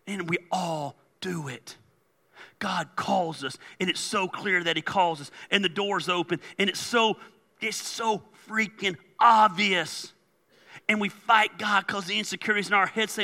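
A male pastor preaching an animated sermon, joking and acting out dialogue with big jumps between loud and quiet. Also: high-pitched, a little slow, long reverb tail. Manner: animated, jokey, acts out dialogue in big swings of loudness.

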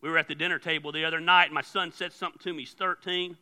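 A man preaching a sermon as pastor, animated, often repeating words as he starts a phrase. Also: a little high, racing. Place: church.

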